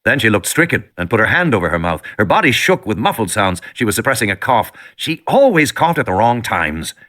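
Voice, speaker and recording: A man's voice: on the low side, sing-song, brisk, sharp tone. A man reading an audiobook with dramatic, tension-building storytelling. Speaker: audiobook narrator. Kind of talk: scripted narration.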